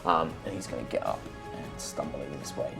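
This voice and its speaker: A man's voice: a bass voice, quick pace, creaky. A young man narrating as dungeon master in a chatty, rambling way, with light music underneath. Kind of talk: narrating a tabletop game.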